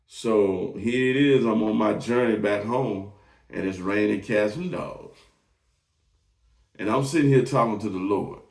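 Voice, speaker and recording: A man's voice: on the low side, vocal fry, darkish tone. A man, hosting and telling a personal testimony in an emotional, repetitive way. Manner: emotional, drawn-out storytelling with repeated phrases. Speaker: host. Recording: echoey room, voice from a distance off the mic.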